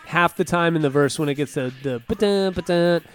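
A man's voice: on the high side, a little fast, fairly bright tone, clean tone, soft background music. A young man co-hosting a casual album review podcast, laid-back, saying dude and like a lot and laughing easily. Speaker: podcast host.

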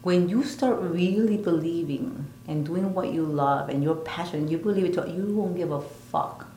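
A woman's voice: lowish voice, moderate pace, warm tone, echoey room, a little hiss or hum, low-quality recording. An older woman and spiritual teacher, speaking earnestly and emphatically in a casual interview, often repeating her phrases. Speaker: spiritual teacher and retreat leader.

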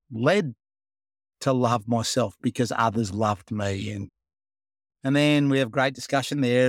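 A man's voice: medium pitch, dry recording, clean studio sound. An Australian man, the founder of a program, telling a story in a casual interview, acting out the dialogue with plenty of life. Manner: animated storyteller, acts out dialogue, says "mate".

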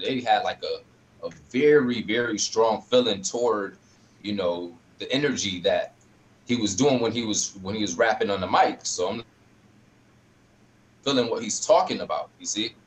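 A man's voice: on the low side, slight background noise, poor audio. A man from upstate New York talking in a laid-back, slangy, rambling way as a guest on a video call. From Rochester, New York. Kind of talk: casual video call interview.

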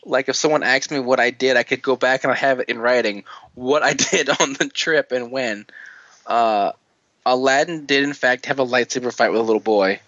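A man's voice: mid-range voice, moderate pace, a bit bright, no room sound, highs cut off. A man hosting a casual podcast chat, rambling, swearing and often laughing.

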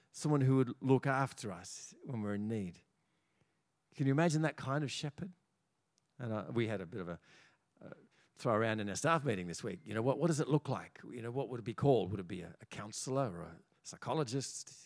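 Man, Australian accent, pastor, sermon in a church, very expressive pitch, animated delivery. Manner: animated, repeats small words while building points. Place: church auditorium.

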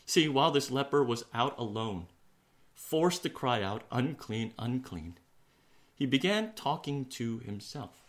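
A man preaching a sermon in an earnest way, slowing for emphasis and sinking to a hush on key words. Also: mid-range voice, lively intonation. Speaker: pastor.

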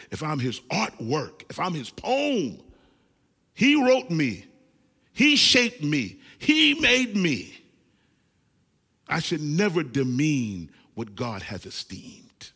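A man in his forties preaching a lively sermon, calling on the congregation to shout responses. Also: on the high side, slow, breathy edge, big-room sound. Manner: animated, calls for congregation responses. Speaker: pastor.

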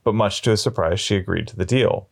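A man telling long shaggy-dog jokes in a deadpan way, slowing down and pausing as he builds them up. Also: fairly low pitch, gravelly. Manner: deadpan, drawn-out storytelling with slow pauses. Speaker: storyteller.

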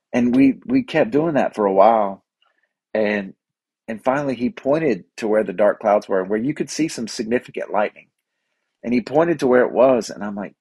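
A man's voice: fairly low pitch, very animated, moderate pace, darkish tone, slightly rough, no echo. A man telling a rambling, laid-back story as a podcast host, chatty with fillers and restarts. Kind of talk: casual storytelling monologue.

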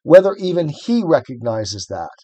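A man's voice: on the high side, very animated, moderate pace, dark tone, dry recording. A middle-aged man who reads aloud and talks the ideas over in a reflective, hesitant way with restarts. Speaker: co-host. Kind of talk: book reading and discussion.

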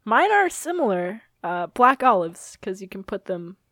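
A woman co-hosting a podcast in casual chat, easygoing and quick to laugh. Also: mid-range voice, sing-song, fairly bright tone, dry recording, clean studio sound. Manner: laughs often, slow and easygoing. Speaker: podcast co-host.

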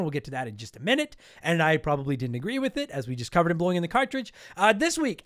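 A man's voice: high voice, no room sound, clean studio sound. A man hosting a gaming podcast, reading listener comments with a profane, sarcastic, laughing manner. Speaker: podcast host.

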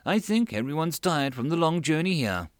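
Male narrator as watchful beast-girl attendant; quick, firm, lively. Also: on the high side, no room sound, clean studio sound, voice pushed up. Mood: protective. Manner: quick, brisk, protective. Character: protective young female beast-girl aide.

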